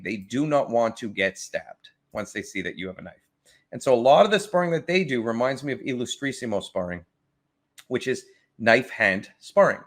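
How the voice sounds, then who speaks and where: A man talking through a martial arts reaction video in an enthusiastic, conversational way. His pitch sits mid-range for a man, and he often restarts sentences as he talks. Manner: enthusiastic, conversational, self-correcting.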